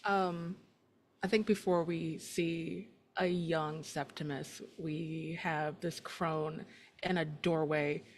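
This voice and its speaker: A woman's voice: low voice, steady tone, slow. A woman narrating her scene in a tabletop game, with fillers.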